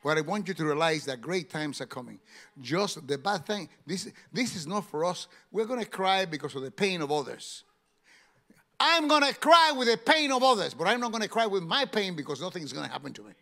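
A male pastor preaching a sermon in an emphatic way, rising to loud exclamations. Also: fairly high pitch, lively intonation, brisk, gravelly.

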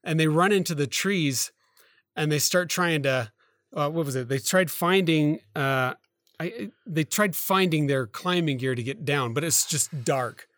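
Casual podcast co-host, male, slightly higher voice, rambling storyteller, dry close sound. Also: fairly bright tone, no echo. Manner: rambling, halting retelling with many fillers and self-corrections.

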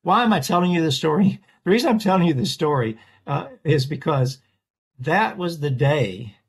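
A man's voice: medium pitch, creaky, slightly rough. A man, a portrait artist, telling a story in an interview and acting out the voices of the people in it. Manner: animated storyteller, acts out quoted voices.

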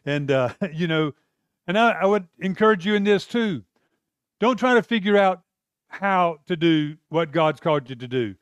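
A man with a high voice preaching a sermon. He talks earnestly and conversationally, mixing asides and light laughs into his message. The sound is dry and close, with no room echo. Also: lively intonation, normal speed.

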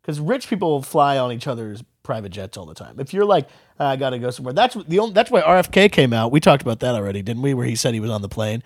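A man co-hosting a comedy podcast, riffing in casual banter and bursting into shouted impressions. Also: medium pitch, expressive, quick pace, few pauses, dry recording, clean studio sound. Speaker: podcast co-host.

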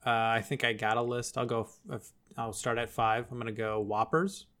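A man with an ordinary middle-pitched voice co-hosts a live stream in easygoing chat. He rambles, trails off and picks his thread back up. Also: level tone, brisk, a bit bright. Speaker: podcast co-host.

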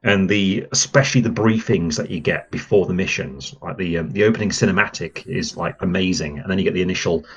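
In this casual podcast conversation, a deep-voiced man talks a little fast with few pauses, rambling eagerly and leaning on plenty of filler words. The audio is dull, with slight background noise.

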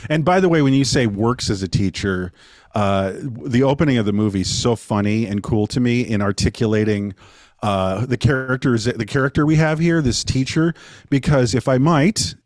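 A relaxed man with a mid-pitched voice trades easy reactions and observations in a podcast conversation. His voice sits dry and close to the mic. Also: no room sound. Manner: laid-back, chiming in with quick reactions. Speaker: podcast co-host. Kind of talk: casual film podcast chat.

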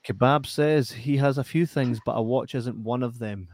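A man's voice: medium pitch, normal speed, no room sound. Joking Scottish man hosting a stream. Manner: banters, laughs often, swears. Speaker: live stream host reading chat. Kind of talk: casual live chat.

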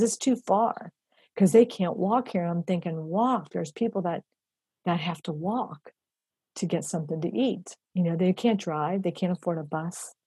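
A middle-aged woman telling a personal story in an animated way, acting out the voices she quotes and using many fillers. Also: fairly low pitch, husky, dry recording. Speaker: charity founder telling her story.

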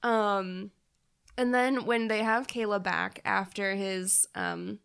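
A woman's voice: medium pitch, steady tone, slow, gravelly, a bit bright, smooth. A woman co-hosting a podcast, chatting casually about a movie, laughing often and swearing casually. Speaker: podcast co-host. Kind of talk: casual movie review chat.

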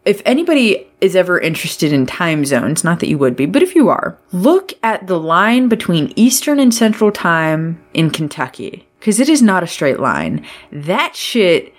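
A woman's voice: on the low side, sing-song, moderate pace. A woman co-hosting a podcast in casual chat, tipsy from drinking, rambling, swearing and laughing often. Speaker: podcast co-host.

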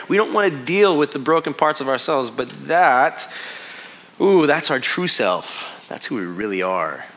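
Bright-voiced man preaching conversationally. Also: medium pitch, very animated, measured pace. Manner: conversational, repetitive restarts, drops to a hush on heavy points. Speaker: pastor. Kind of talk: sermon.

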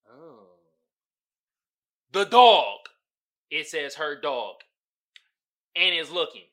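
A man riffing on his own podcast in loose, slang-heavy, profane chat. His voice sounds bright and forward, and his pitch swings widely as he gets worked up. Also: unhurried. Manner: animated, slangy and profane, often breaking into laughter. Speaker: podcast host. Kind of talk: casual podcast commentary.

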